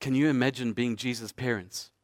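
A man's voice: mid-range voice, fairly even intonation, brisk. A man preaching a sermon as a pastor, painting vivid scenes through repeated rhetorical questions.

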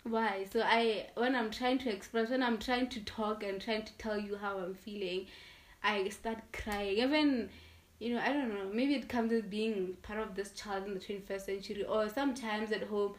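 A woman's voice: medium pitch, fairly even intonation, normal speed. A young woman in casual chat as a podcast guest, talking openly and expressively with frequent restarts and laughs. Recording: echoey room, distant from mic.

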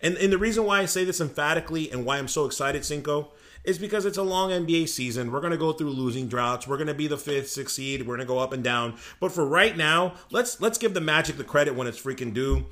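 A man co-hosting a sports podcast, talking in an excitable, boastful way about his favorite team. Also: a little high, fast talker. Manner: excitable, boastful fan talk. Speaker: podcast co-host. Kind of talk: casual sports chat.

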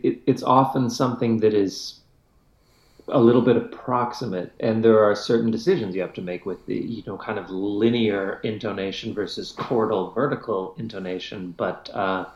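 A man's voice: lowish voice, darkish tone, roomy sound. A man, a classical musician as an interview guest, answering thoughtfully and hedging with many fillers. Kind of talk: conversational interview.

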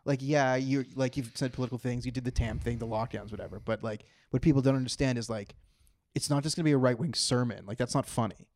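A man's voice: mid-range voice, quick pace, a little mellow, a little hiss or hum. A man from Canada, a podcast guest, rambling with many hesitations. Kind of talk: casual podcast chat.

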